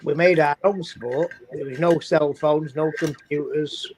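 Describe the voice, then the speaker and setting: A man's voice: fairly high pitch, steady tone, unhurried, slight background noise, low-quality recording. Rambling older Englishman. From England. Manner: rambling, repeats himself. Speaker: guest on a co-stream. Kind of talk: casual chat.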